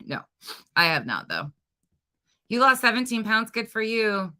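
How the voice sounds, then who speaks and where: A woman hosting a true crime livestream, chatting casually and reading viewer comments aloud in an energetic, expressive way. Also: on the high side, a little slow.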